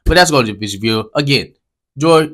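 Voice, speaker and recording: A man's voice: lively intonation, very fast. Man ranting heatedly about basketball. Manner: heated, talks straight to viewers; swings from low mutters to loud outbursts. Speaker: sports commentary vlogger. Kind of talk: casual basketball commentary rant.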